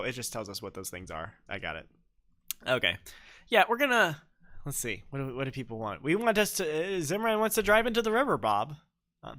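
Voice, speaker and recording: Bright, lively young man streaming a game. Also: on the high side. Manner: playful, jokey storytelling with silly voices. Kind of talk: livestream gameplay chat.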